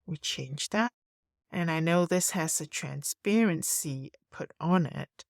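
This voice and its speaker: A woman narrating a screen-recorded design tutorial, thinking aloud in a relaxed way as she works. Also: sits low, slow, creaky, no room sound, studio quality.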